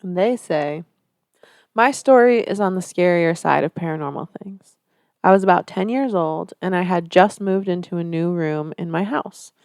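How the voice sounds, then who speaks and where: A woman's voice: fairly low pitch, normal speed, no echo, studio quality. A woman co-hosting a casual podcast, chatting and reacting to stories. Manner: reactive, chatty, lively ups and downs. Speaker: podcast co-host.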